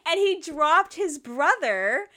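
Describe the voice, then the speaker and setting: A woman's voice: very high-pitched, sing-song, takes it slowly, sharp tone. A woman co-hosting a podcast, reviewing a movie in a casual, rambling way, laughing and swearing often. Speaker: podcast co-host.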